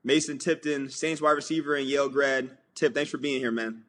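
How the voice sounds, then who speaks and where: Relaxed young host, mid-range voice, chatty and loose. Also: male voice, mid-range voice, fairly quick. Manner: easygoing, chuckling, conversational. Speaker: podcast host. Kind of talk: casual podcast hosting.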